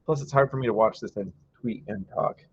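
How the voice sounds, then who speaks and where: A man's voice: mid-range voice, fairly quick, husky, no echo, highs cut off. A man hosting a casual live game-watch stream, chatty and reading viewer comments aloud, breaking into frustrated rants. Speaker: livestream host.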